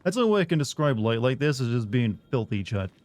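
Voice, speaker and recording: A man's voice: medium pitch, big pitch swings, quick pace, a little mellow. A man casually commenting as he plays a game on stream, rambling and cracking crude jokes to his chat.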